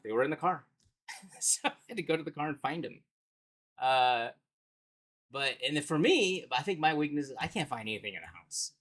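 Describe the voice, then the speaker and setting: A man's voice: mid-range voice, a bit bright. A man in his thirties telling personal stories in a casual, reflective way, with bursts of laughter. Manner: conversational and reflective, breaks into laughter. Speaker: speaker sharing life stories.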